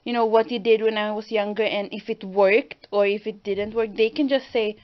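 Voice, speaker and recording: A woman's voice: mid-range voice, steady tone, normal speed. A woman in her twenties gives a casual tour of her home on video, laughing easily and searching for words. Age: 20s. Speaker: daughter co-hosting vlog. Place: home room. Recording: dull lo-fi home video sound.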